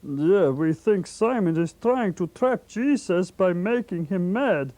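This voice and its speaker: An actor playing an excitable, gossipy onlooker in a puppet Bible story, giving breathless commentary. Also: male voice, high voice, takes it slowly, no echo. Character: excitable middle-aged male onlooker, gossipy.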